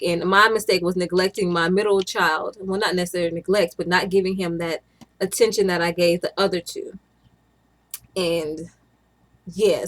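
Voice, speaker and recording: Talking casually to her camera, this stay-at-home mom vlogger is a young woman with a medium-pitched, slightly bright voice. Her chat is meandering and rambling, full of restarts and laughter.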